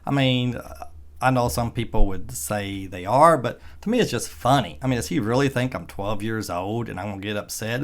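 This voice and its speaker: A man's voice: lowish voice, moderate pace. A middle-aged man with a Southern Arkansas accent, giving casual, plainspoken vlog commentary in a folksy, chuckling manner. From Arkansas, USA. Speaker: EV vlogger.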